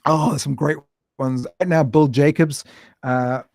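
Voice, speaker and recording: A man, a guest on a podcast, talking with enthusiasm and acting out stories in lively bursts. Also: fairly high pitch, a little slow, no echo. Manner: animated storyteller, acts out quotes. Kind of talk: enthusiastic casual interview talk.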